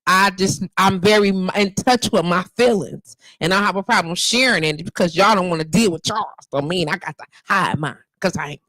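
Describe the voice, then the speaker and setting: Chatty, animated woman in her fifties. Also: lowish voice, normal speed, few pauses, no echo, low-quality recording. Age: 50s. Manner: animated, emphatic and chatty, lots of slang. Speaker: show host. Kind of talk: casual live radio show chat. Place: home studio. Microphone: handheld mic at home.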